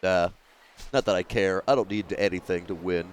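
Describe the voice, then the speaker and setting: A man's voice: sits low, moderate pace, slight background noise. A young man streaming a video game, joking crudely and rambling in casual commentary.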